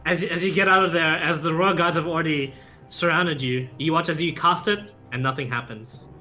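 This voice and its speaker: A young man runs a tabletop game as game master. His voice is bright and a little high. He narrates quickly, tumbling through fillers and restarts. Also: steady tone, soft background music.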